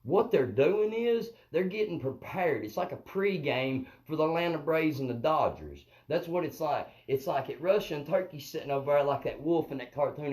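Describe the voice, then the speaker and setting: A man with a slightly high, a little mellow voice swings widely in pitch, talking at normal speed with hardly any pauses. He's a comedian hosting a live stream, rambling through a profane monologue and constantly asking viewers "you know what I mean." Audio from the phone or webcam is poor.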